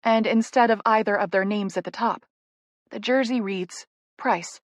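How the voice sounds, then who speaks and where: A woman narrating a first-person romance audiobook in a soft, intimate, emotional way. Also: medium pitch, moderate pace, no room sound.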